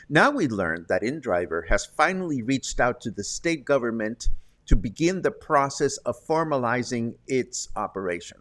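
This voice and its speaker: A man's voice: mid-range voice, a bit bright. A man hosting a casual local news and weather roundup, chatty, with wry asides. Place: Puerto Vallarta, Mexico.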